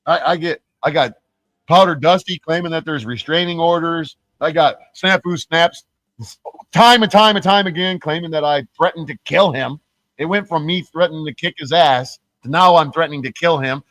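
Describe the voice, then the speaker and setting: A man's voice: a little high, a bit bright, no echo, rough recording. A man streaming a profane, mocking rant, laughing between points and mimicking his critics in sing-song voices. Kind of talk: ranting livestream monologue.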